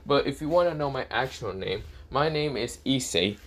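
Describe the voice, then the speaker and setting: A man's voice: mid-range voice, animated, normal speed, pitched above the performer's own voice. A man voicing a cocky, possessive young demon-slayer hero.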